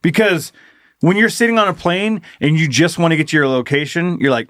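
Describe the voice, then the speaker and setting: A man's voice: on the high side, expressive, a little fast, fairly bright tone, no echo. Laid-back rambling man in his forties. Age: 40s. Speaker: podcast co-host. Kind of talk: casual comedic chat.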